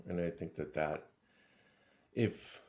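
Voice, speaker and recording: A man's voice: rumbling low, slow, darkish tone. A man co-hosting a podcast, talking reflectively and often repeating words as he works out his thoughts. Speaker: podcast co-host. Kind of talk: casual podcast conversation.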